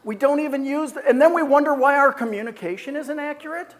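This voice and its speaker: A man in his sixties giving a live seminar talk on communication, lively and jokey, acting out what people said. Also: very high voice, quick pace. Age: 60s. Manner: lively, jokey, acts out quoted voices. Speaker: communication speaker. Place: large hall with an audience. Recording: long hall reverb from a live event.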